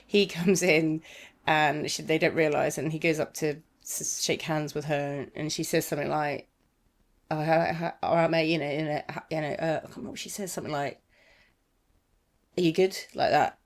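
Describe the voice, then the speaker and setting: Casual podcast co-host: woman, lowish voice, chatty storyteller. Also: steady tone, fairly quick, hardly any pauses. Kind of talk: casual chat.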